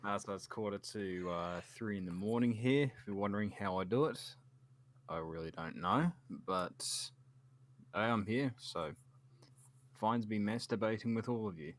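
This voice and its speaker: A man from New Zealand talks on a casual video call, dry and self-mocking. His voice sits fairly low and carries an easy, offhand tone. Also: moderate pace. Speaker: guest.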